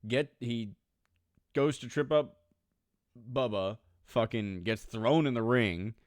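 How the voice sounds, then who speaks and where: A man co-hosting a casual podcast, recounting events blow by blow with swearing and quick impressions. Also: mid-range voice, no room sound, studio quality. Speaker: podcast co-host. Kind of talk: casual chat.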